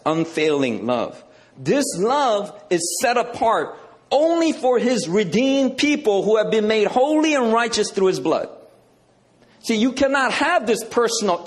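A male preacher works through scripture in a relaxed, conversational teaching sermon. He leans on words for emphasis and keeps checking in with his listeners. His voice sits a little high for a man. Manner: conversational, emphatic, repeats "okay".

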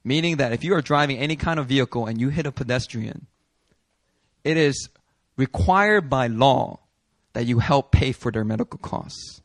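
A man preaching a sermon as a pastor, telling a story in an animated way, acting out the people he quotes and laughing as he goes. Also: mid-range voice, normal speed, no room sound. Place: church hall.

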